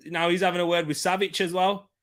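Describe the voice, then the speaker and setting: A man hosting a live football watchalong, excitable, laughing often and shouting out at near chances. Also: high voice, moderate pace.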